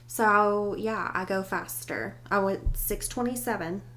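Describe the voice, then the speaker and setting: A woman's voice: mid-range voice, measured pace, a bit bright, a little hiss or hum. A woman co-hosting a casual chat podcast, talking freely and quoting her own thoughts aloud. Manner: chatty, quotes her own thoughts, laughs easily. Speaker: podcast co-host.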